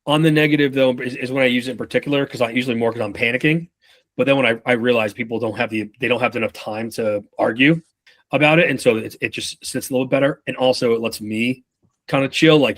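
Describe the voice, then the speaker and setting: Animated, profane male sales trainer. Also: mid-range voice, fast talker, dry recording. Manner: animated, profane, acts out examples. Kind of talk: casual training session talk.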